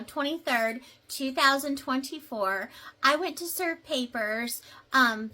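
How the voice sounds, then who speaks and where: A woman's voice: on the high side, pushed and bright. A woman process server telling a story casually in a chatty way, with many fillers and asides.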